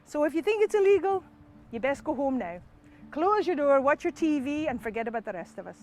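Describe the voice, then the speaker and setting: Scottish woman storyteller, high and lively, chatty, speaking to an audience. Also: fairly quick, faint music behind. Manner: animated, conversational.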